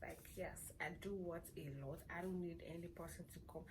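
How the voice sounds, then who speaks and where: A young woman with a Nigerian accent chatting playfully to camera as a vlogger, hoarse from a cold and sore throat. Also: lowish voice, little pitch movement, brisk, darkish tone, slight background noise. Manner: chatty, playful and self-assured. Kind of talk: casual chat to camera.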